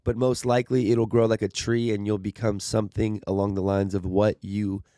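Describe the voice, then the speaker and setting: A man's voice: fairly low pitch, little pitch movement, normal speed, mellow, dry recording, clean studio sound. A young man casually answering viewer questions in a rambling, upbeat way, sometimes losing his train of thought. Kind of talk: casual Q and A monologue.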